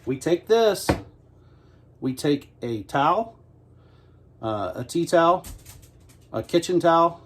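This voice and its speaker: A middle-aged man giving a casual, joking baking demonstration in his home kitchen, talking the viewer through each step in a folksy, self-mocking way. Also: medium pitch. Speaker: homestead cooking host.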